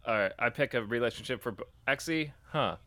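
A man co-hosting a casual improv comedy chat, quick and playful, swearing casually. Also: mid-range voice, animated, sharp tone. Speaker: improv podcast co-host.

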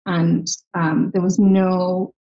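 A woman with a softened Irish accent, speaking in a fairly low voice as a guest on a podcast. She tells her stories with animation and sometimes acts out what people said. The recording sounds a little dull and muffled. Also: slow pace. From Ireland. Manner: animated storytelling, acts out quoted dialogue. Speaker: guest, health tech founder. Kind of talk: casual interview chat.

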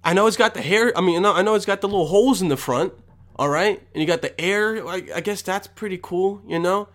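A man's voice: high voice, fast, fairly bright tone. A young man ranting to camera with constant swearing, rambling and mock exasperation. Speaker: vlogger. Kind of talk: profane comedic rant.

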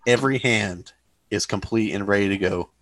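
Low-voiced easygoing man. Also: normal speed, a bit bright, no echo. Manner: easygoing, rambling with fillers. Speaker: model kit hobbyist on a group chat show. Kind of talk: casual chat.

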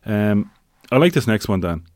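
Deep-voiced man in casual chat. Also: animated, moderate pace, darkish tone, no echo, studio quality. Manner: conversational, many fillers, wry asides. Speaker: podcast co-host.

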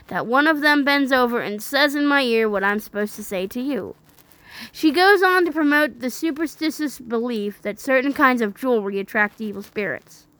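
A woman reading a critique aloud and breaking off into indignant, incredulous commentary, with some halting restarts. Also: on the high side, bright, forceful tone, dry recording. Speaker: religious commentator.

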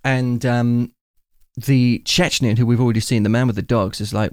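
A man's voice: mid-range voice, steady tone, normal speed, darkish tone, no echo, studio quality. A man hosting a casual film chat, enthusiastically retelling scenes at length.

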